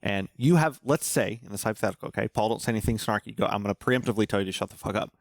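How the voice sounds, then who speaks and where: A man co-hosting a casual podcast chat, swearing freely and spinning animated stories and hypotheticals. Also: lowish voice, rapid-fire, creaky, dry recording, clean studio sound. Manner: profane, animated storyteller posing hypotheticals. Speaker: podcast co-host.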